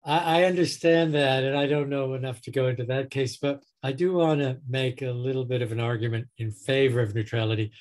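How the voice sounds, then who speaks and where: A man's voice: medium pitch, fairly even intonation, fairly quick, hardly any pauses, a little mellow. A man, a psychotherapist, explaining his clinical approach through patient stories with dry humor, recorded over a video call. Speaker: psychotherapist guest.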